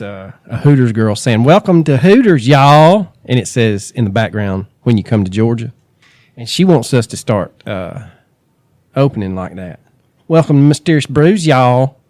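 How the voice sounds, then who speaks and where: A man co-hosting a true crime podcast in a laid-back, joking way. His voice is mellow and warm, and it sounds close and dry, with no room around it. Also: lowish voice, no echo. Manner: laid-back, joking, reads case notes. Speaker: podcast co-host.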